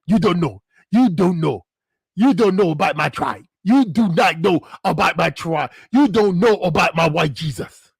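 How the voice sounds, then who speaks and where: A man's voice: sits high, animated, normal speed, gravelly, breathy edge, no echo, studio quality, pitched below the performer's own voice, exaggerated voice. A man putting on an angry Nigerian man. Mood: indignant. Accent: Nigerian imitation. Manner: indignant, scolding, repeats himself.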